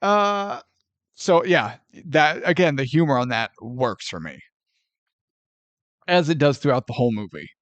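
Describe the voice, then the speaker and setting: A man's voice: fairly high pitch, expressive, measured pace, pauses often, a bit bright, no room sound, dull audio. A man co-hosting a podcast, chatting casually about a movie and acting out scenes with sound effects and quoted lines. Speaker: podcast co-host. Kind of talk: casual movie review chat.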